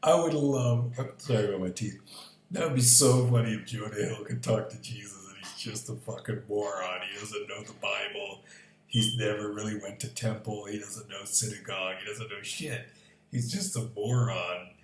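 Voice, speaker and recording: Male vlogger, lowish voice, rambling and profane, roomy echo with faint hiss. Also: fairly even intonation, normal speed. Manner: rambling, profane, chuckles at his own ideas. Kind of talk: casual rambling monologue. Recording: echoey room with faint background noise.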